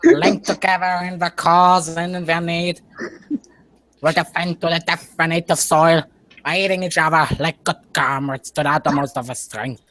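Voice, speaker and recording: A man's voice: on the high side, steady tone, normal speed, a bit bright, dry recording, lightly acted. A man putting on a solemn wartime prime minister's speech, reading it as grand oratory.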